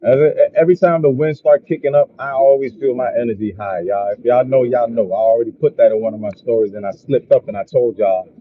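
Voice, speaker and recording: A man rambles through a fired-up motivational talk, swearing often and circling back over the same phrases. His voice is husky and a little breathy. The sound is thin and tinny, like a phone line. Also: mid-range voice, steady tone, fast talker, few pauses. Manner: profane, repetitive, preachy. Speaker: motivational vlogger. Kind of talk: casual motivational monologue.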